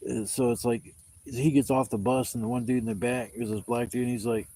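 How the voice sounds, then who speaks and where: A man's voice: medium pitch, steady tone, fast talker, warm tone, a little hiss or hum. Man, outdoor camp livestream, rambling storyteller, lots of swearing, casual. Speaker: camping livestreamer. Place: outdoor campsite.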